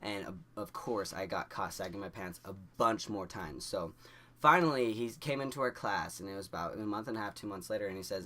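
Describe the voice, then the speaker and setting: A man's voice: on the low side, a little fast. Young man rambling through a story. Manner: rambling, many "like" fillers and restarts; animated, laughing through the story. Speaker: vlogger. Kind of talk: casual storytelling to camera.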